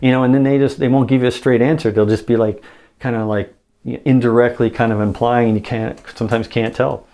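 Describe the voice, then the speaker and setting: A man's voice: mid-range voice, fairly even intonation, fairly quick, dark tone. A man teaching sales communication in a casual monologue, acting out example dialogues with frequent restarts.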